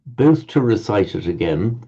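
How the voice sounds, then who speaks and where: Mellow-voiced man teaching pronunciation. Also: fairly low pitch, sing-song, unhurried, slightly rough. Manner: patient, corrective, repeats words while searching. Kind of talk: teaching pronunciation in a group class. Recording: dull lo-fi audio.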